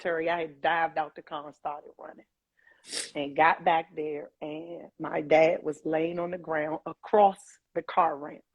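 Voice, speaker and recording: A woman, a mother of older children, recounting a painful family memory in an emotional, vivid way, acting out the dialogue with halting restarts. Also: on the low side, breathy edge. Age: adult, mother of older kids. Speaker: guest telling her story. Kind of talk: emotional personal storytelling. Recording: dull, slightly muffled dry sound.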